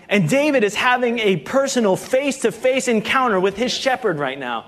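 A man's voice: very high voice, animated, normal speed, few pauses, fairly bright tone. A man preaching a sermon to his church in a casual, conversational way, often saying "you know" and "like". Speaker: pastor.

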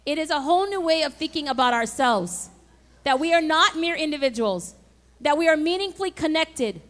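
Woman, pastor, high voice, emphatic conversational sermon. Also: lively intonation, brisk, a bit bright. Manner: emphatic, conversational preaching with call-and-response.

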